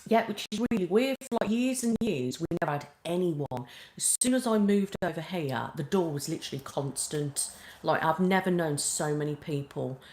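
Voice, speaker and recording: A woman's voice: low voice, expressive, moderate pace, a little mellow. A woman with a British accent, an ASMR streamer chatting casually and ramblingly with live viewers, full of "like" and "um". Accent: British English. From Britain. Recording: roomy echo.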